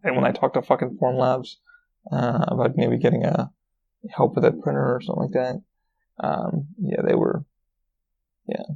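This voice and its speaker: A man's voice: medium pitch, flat delivery, normal speed, vocal fry, long pauses, warm tone, husky. A man hosting a casual solo podcast, rambling and swearing freely with many fillers and restarts, recorded with a dull lo-fi sound. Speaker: podcast host.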